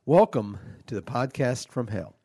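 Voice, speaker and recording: A man's voice: medium pitch, lively intonation, a little slow, warm tone, breathy edge. A man playing a petty, aggrieved devil host. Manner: aggrieved, flustered, full of false starts. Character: petty, indignant devil hosting a podcast from hell. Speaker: podcast host.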